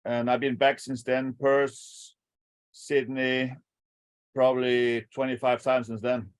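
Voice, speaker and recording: A man's voice: mid-range voice, takes it slowly, smooth, no echo. A man in his fifties chats as a podcast guest. He tells his old travel stories in an easy way and lists each stop in turn. The recording is dry and close, with little room sound. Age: 50s. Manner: relaxed storytelling, recalls places one after another. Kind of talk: casual chat. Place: home by the palm trees.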